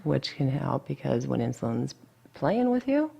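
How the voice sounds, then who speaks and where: A woman's voice: extremely low pitch, very animated, moderate pace, vocal fry, dark tone, husky, lo-fi sound. A woman dietitian talking casually in an interview, blunt and chatty, full of asides.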